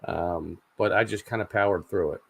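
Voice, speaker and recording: A man in his forties hosting a casual livestream chat, rambling and halting with lots of fillers and repeated words. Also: deep voice, gravelly, husky, no room sound. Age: 40s. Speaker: channel host.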